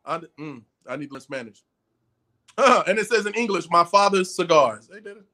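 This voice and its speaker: A middle-aged man, a podcast guest, telling profane stories in an animated way and acting out the voices of the people in them. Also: sits high, brisk. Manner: excitable and profane, acts out voices in his stories. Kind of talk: animated storytelling in casual chat.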